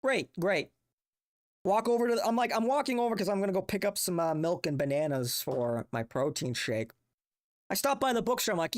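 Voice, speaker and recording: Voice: medium pitch, lively intonation, a little fast. A young adult streamer ranting casually, profane, exasperated and rambling. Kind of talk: casual livestream rant.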